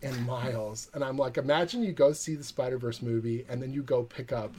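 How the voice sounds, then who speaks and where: A man, a comic book writer, telling a lively anecdote in a podcast interview and acting out the quoted dialogue. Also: mid-range voice, fairly quick, slight background noise.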